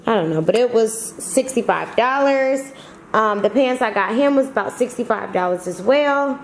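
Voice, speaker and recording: A woman's voice: fairly high pitch, expressive, moderate pace, slight background noise. A woman vlogging casually at home, chatty and slangy, laughing often. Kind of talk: casual vlog chat.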